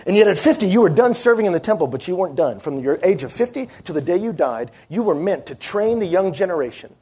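A middle-aged man delivering a sermon, his voice sitting high for a man. He tells stories with energy and acts out the people he quotes. It is a church talk for a conference. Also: sing-song, fast talker, dark tone, husky. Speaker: pastor.

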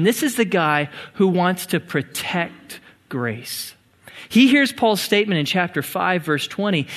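A male pastor with a fairly high voice delivers a sermon. He explains earnestly and leans on key points with emphasis. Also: fairly bright tone.

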